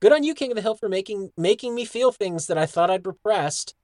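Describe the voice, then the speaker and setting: A man co-hosting a podcast in casual chat, relaxed and earnest, swearing casually. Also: high-pitched, brisk. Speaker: podcast co-host.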